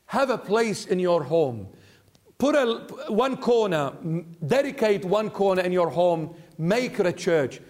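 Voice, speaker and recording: A man preaching a sermon in church as a bishop, earnest and pleading, slowing down to stress his words. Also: high-pitched, expressive, darkish tone. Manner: earnest, pleading, slows down for emphasis.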